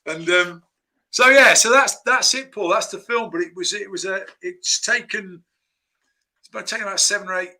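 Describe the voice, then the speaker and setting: A man with a very bright, fairly high voice chats as a screenwriter guest. He tells rambling, anecdote-driven stories and keeps breaking off to restart his sentences. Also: moderate pace. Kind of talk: casual interview chat.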